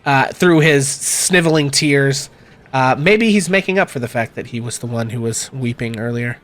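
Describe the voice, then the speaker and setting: A man running a tabletop game as game master, talking in a relaxed way with many fillers. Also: mid-range voice, moderate pace.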